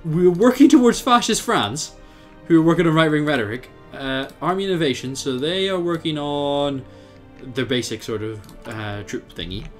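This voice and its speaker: A young Irish man giving casual let's-play commentary, thinking aloud, chatty and laughing often, with sudden bursts of excitement. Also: a little high, normal speed, faint music behind. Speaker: game commentator.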